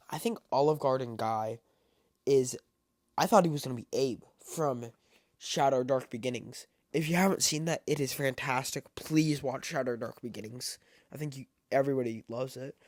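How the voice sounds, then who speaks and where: A man giving a casual spoken film review, halting and full of fillers and restarts. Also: mid-range voice, darkish tone, no echo, studio quality. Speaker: movie reviewer.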